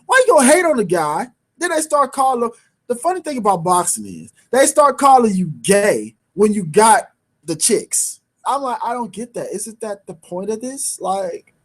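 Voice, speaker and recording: A man hosting a sports talk show, bantering in casual street slang and repeating his points for emphasis. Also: high voice. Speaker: sports radio host.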